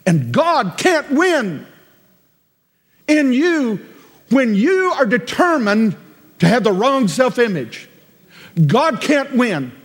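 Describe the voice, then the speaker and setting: Pastor guy preaching, high lively voice, slow and emphatic, lots of repeating, big echo tail. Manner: emphatic, repetitive preaching with sudden loud cries. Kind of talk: sermon.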